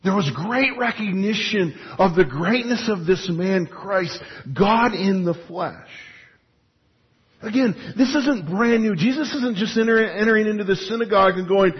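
A pastor preaching a sermon in an animated, emphatic, conversational way with frequent restarts. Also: male voice, sits high, measured pace, slightly rough. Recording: dull lo-fi recording.

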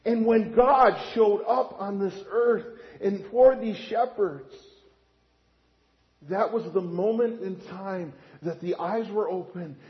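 A man preaching a sermon as pastor, asking rhetorical questions and swinging between quiet and loud. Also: high voice, slow, highs cut off. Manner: lively, rhetorical questions, animated swings in volume.

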